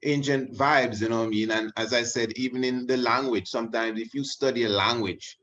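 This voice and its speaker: Heard through muffled lo-fi audio, a religious video host delivers a rambling, casual teaching monologue full of asides, restarts, and you-knows. His mid-range voice is a bit bright, with fairly even intonation and a fairly quick pace.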